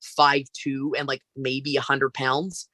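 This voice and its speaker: A woman from Canada, a wrestler guest on a podcast, telling a story in a casual, animated way with lots of fillers. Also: rumbling low, slow pace, dry recording.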